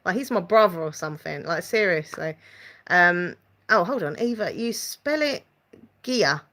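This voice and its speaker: Bright, chatty Essex woman. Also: on the low side, lively intonation, moderate pace. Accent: Essex English. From England. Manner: chatty and rambling, reads out viewer comments. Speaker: live-stream host. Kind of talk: casual live-stream chat.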